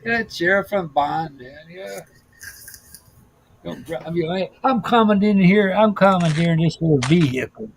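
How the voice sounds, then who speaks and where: A man with a high, gravelly voice talks at a moderate pace on a low-quality recording. He's a former bus driver hosting a casual podcast, trading profane, laughing stories about his driving days and restarting his sentences often.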